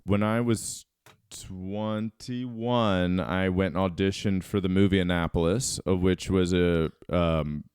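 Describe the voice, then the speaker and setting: Deep-voiced man telling a rambling story. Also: fairly even intonation, slow pace, darkish tone, clean tone, no echo, studio quality. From Baltimore, Maryland. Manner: rambling, self-deprecating, many fillers. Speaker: podcast guest. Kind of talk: casual storytelling.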